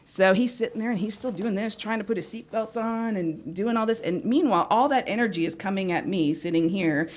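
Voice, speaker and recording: A woman guest, a life coach, telling a personal story in a studio interview and acting out the dialogue. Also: mid-range voice. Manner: animated storyteller, acts out dialogue. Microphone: studio microphone.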